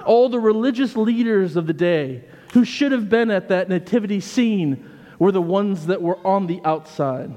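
A man's voice: sits high, normal speed, warm tone. A man with an American accent, a vicar giving a conversational sermon with anecdotes. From United States. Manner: conversational storytelling with asides. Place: church. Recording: long reverb of a church.

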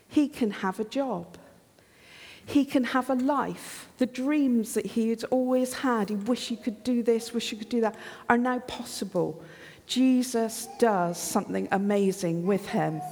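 Slow-paced woman preaching in a hall. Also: mid-range voice. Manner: lively storyteller, acts out dialogue with chuckles. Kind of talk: sermon retelling a Bible story. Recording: long hall reverb.

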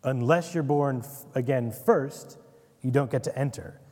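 Speaking at a measured pace in a large hall, a man with a medium-pitched, slightly mellow voice leads a casual Bible study. The Bible teacher keeps it conversational, tossing in wry asides and often checking "right?"

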